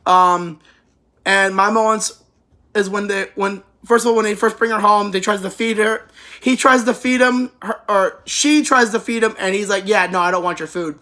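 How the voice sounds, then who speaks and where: A woman's voice: medium pitch, normal speed, pushed and bright. A woman giving a casual anime review, rambling through the plot with profanity and laughter.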